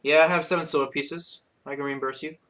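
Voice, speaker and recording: A flustered, apologetic woman innkeeper in a tabletop game, put on by a man pitched slightly above his usual voice. She falters and restarts her sentences, and her accent slips in and out. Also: steady tone, fast, a bit bright, slight background noise, lightly acted. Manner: failed attempt at an accent.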